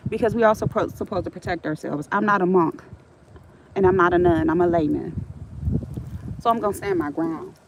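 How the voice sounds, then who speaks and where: A woman's voice: lowish voice, fairly quick, gravelly, pauses often. A middle-aged woman telling stories on a casual livestream, frank and streetwise, swearing freely, with faint traffic noise behind her.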